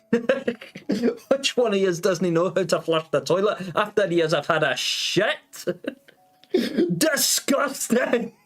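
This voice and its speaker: A man's voice: high-pitched, lively intonation, slow, faint music behind, voice pushed up, heavily acted. A man putting on a brash guy. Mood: scolding. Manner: brash, scolding. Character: gruff but friendly Scottish man.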